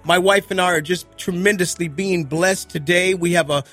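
A man's voice: high voice, steady tone, moderate pace, fairly bright tone, faint music behind. A man visiting a radio studio as a ministry guest, preaching fervently and repeating his amens.

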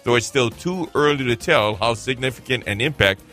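A man's voice: mid-range voice, fairly quick, a bit bright, soft background music. A man hosting a ministry radio show from the studio, talking in an upbeat, jokey way. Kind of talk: casual radio talk.

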